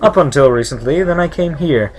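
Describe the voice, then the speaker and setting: A man's voice: a little high, lively intonation, fairly quick, background noise, voice pushed up, lightly acted. A man voicing a wealthy, plump female servile who speaks formally and with dignity. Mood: proud.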